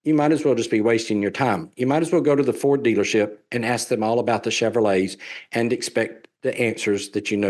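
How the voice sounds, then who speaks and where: A man with a gentle Southern US accent talks through an investment pitch at a middle pitch. He is folksy and persuasive, leaning on homespun comparisons and circling back to repeat his main points. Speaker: real estate investment presenter. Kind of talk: sales presentation.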